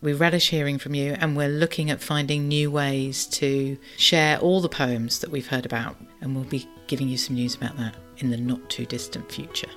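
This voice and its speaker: A woman's voice: a bass voice, steady tone, normal speed, hardly any pauses, faint music behind. Thoughtful woman co-hosting a poetry podcast. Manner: thoughtful, warm, ends points with tag questions. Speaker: podcast co-host. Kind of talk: reflective conversational discussion.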